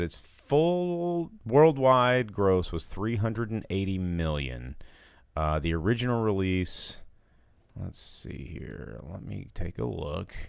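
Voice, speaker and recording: A man's voice: low voice, vocal fry, no echo, clean studio sound. A man hosting a casual movie podcast, rambling and sarcastic as he talks through box office numbers. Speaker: podcast host.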